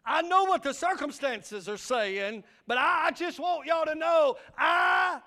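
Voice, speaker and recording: A man's voice: very high voice, expressive, unhurried, pushed and bright. A male pastor, preaching a fiery sermon with call and response.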